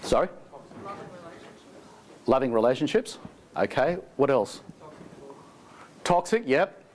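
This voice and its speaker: A man's voice: medium pitch, very animated, slow, a little mellow. A man presenting a live seminar, a chatty, jokey storyteller who laughs often and asks the audience questions. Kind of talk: live seminar talk with anecdotes. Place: seminar hall before an audience.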